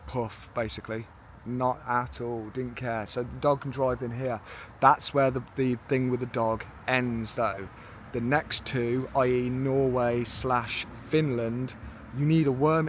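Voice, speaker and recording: A man's voice: mid-range voice, a little hiss or hum. A man from the UK with a British accent, rambling chattily and self-mockingly in a casual travel vlog, recorded outdoors in a park. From United Kingdom. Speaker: travel vlogger.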